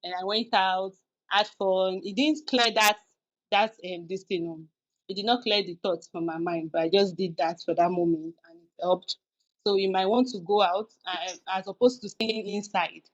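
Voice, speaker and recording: A woman's voice: medium pitch, fairly even intonation, moderate pace, muffled recording. A woman hosting a podcast, giving frank, confessional advice in a casual, rambling way with many restarts. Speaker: podcast host.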